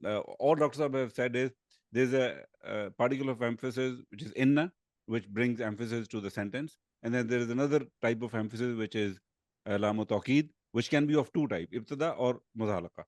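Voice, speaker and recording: A man's voice: mid-range voice, a little fast, dry recording. A man teaching an Arabic grammar class, explaining carefully with frequent hesitations. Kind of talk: online class discussion.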